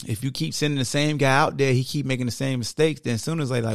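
A man hosts a sports podcast in an unscripted, casual monologue, drawling emphatic points with plenty of "like" and "y'all." His voice has a gravelly edge. He's recorded up close in a dead, dry room. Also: mid-range voice, fairly even intonation, fast, no room sound. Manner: conversational, emphatic, heavy use of "like" and "y'all".

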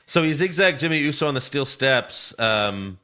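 Bright-voiced man recapping wrestling casually. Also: mid-range voice, lively intonation, normal speed. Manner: rambling, laughs often, swears casually. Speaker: podcast host.

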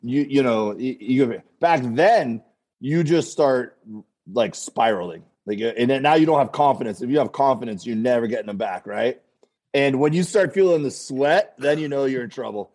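Rambling comedian telling stage stories. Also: male voice, mid-range voice, lively intonation, moderate pace, darkish tone, dry recording. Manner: rambling storyteller, acts out voices in quotes. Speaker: comedian guest. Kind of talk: casual talk show anecdotes.

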